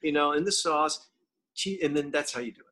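A man from the United States co-hosting a casual chat show, telling stories with plenty of swearing and jokes. His voice sits a little high and sounds bright and forceful. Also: fairly quick, breathy edge. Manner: profane, jokey storyteller. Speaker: co-host.

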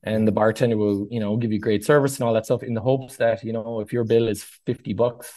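A man's voice: lowish voice, fairly even intonation, fast talker, a little mellow. A middle-aged man from Ireland with an Irish accent, a bartender chatting as a guest and telling stories with acted-out voices. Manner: chatty storyteller, acts out voices in anecdotes. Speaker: guest, bartender and tour organiser. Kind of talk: casual interview chat.

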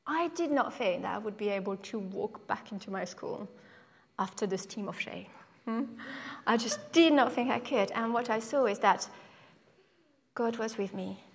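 A young woman preaching, telling a personal story in an animated way and acting out voices. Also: gravelly, slightly rough, long reverb tail. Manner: animated storyteller, acts out voices with sudden high pitch.

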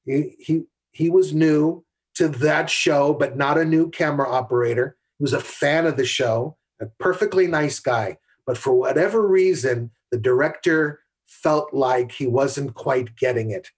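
Husky middle-aged man telling set stories. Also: a little high, measured pace, hardly any pauses. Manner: candid anecdotal storyteller with frequent restarts. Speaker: podcast guest, camera assistant. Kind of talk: conversational storytelling.

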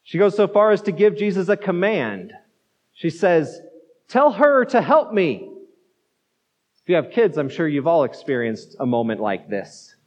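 A man's voice: on the high side, lively intonation, moderate pace, a little mellow. A man pastor giving a conversational sermon, repeating words as he goes and acting out the quotes. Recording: dull muffled sound in a reverberant hall.

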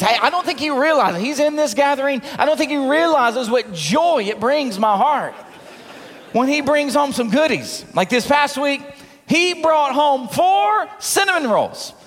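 A middle-aged man preaches with a high, lively voice, joking and calling out to his listeners. He sounds animated and playful. The sound rings with the long reverb of a large hall. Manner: humorous, animated preaching with laughs and call-and-response. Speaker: pastor. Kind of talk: sermon.

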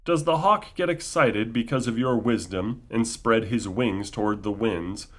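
Male reader, somewhat low voice, measured scripture reading with wry asides. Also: a bit bright. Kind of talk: reading aloud with commentary.

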